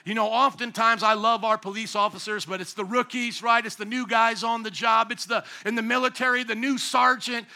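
Pastor, man, forties, high and bright voice, animated preaching with loud emphatic bursts. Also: fairly quick, few pauses. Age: 40s. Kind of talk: sermon.

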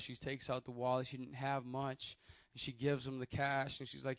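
A man's voice: medium pitch, completely flat delivery, moderate pace, few pauses, smooth, no room sound. A young man, preaching a sermon and telling a personal testimony in a loose, conversational way. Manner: conversational storytelling with restarts and acted quotes.

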